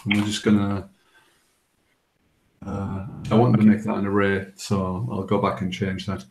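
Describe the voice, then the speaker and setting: A man's voice: on the low side, monotone, normal speed. A man in a casual technical chat on a video call, hesitant and repeating words while he codes. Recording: echoey room with noise.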